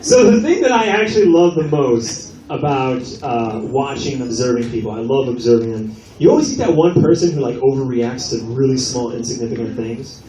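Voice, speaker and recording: A man's voice: medium pitch, brisk, a little hiss or hum. A male stand-up comedian doing a brash, profane set on a comedy club stage. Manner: brash, profane, animated delivery. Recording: echoey club from a distance with crowd. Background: audience laughter.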